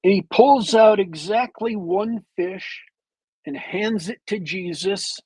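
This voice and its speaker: A man on a podcast with a bad cold, retelling a movie plot as a meandering, detailed storyteller with long pauses. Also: high voice, darkish tone, slightly rough, dry recording, rough recording. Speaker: podcast co-host.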